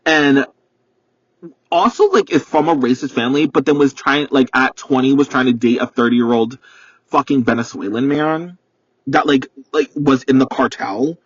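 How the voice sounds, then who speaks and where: A man's voice: mid-range voice, normal speed, husky, no room sound. A young man from New York hosting a solo podcast from his parked car, telling a story in a profane, rambling, dramatic way. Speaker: podcast host. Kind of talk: casual solo storytelling rant. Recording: dull, muffled sound.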